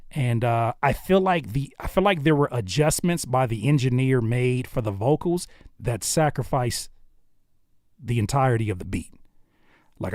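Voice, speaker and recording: A man's voice: medium pitch, a little mellow, dry recording, studio quality. A man hosting a livestream, giving casual, slangy feedback on viewers' music and thinking aloud as he goes. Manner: laid-back, conversational, slangy, thinks aloud with restarts.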